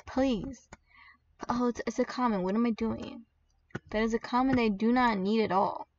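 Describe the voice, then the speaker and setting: A woman giving chatty, excitable commentary while playing a game, with squeals and laughs as she opens pets. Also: on the high side, normal speed, far from the mic, highs cut off. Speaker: gaming video creator. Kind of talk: gaming commentary.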